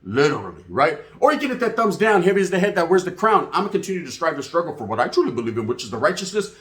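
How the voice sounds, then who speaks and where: A man's voice: fairly high pitch, sing-song, racing, a bit bright, echoey room. A man telling a casual story to his channel's viewers in profane, slangy street talk. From California. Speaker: YouTube channel host.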